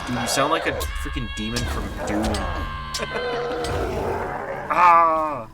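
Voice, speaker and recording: A man live-streaming an online game, talking excitedly and rambling to his viewers, laughing often. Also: medium pitch, slow, over loud music, over a noisy crowd. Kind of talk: live gameplay stream chat.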